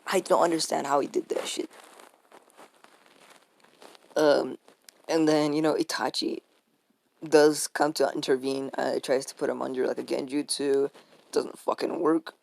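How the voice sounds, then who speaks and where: Gravelly, rambling young-sounding man. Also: medium pitch, level tone, a little slow, long pauses, a little mellow. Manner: rambling, swears freely, many fillers and restarts. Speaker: fan fiction storyteller. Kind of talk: casual unscripted story retelling.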